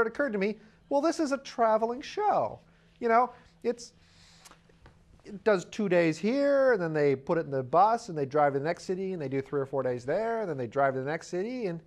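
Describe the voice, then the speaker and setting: Lively, wry man telling a story. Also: high-pitched. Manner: rambling, wry storyteller acting out silly voices. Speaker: podcast host. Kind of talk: casual comic monologue.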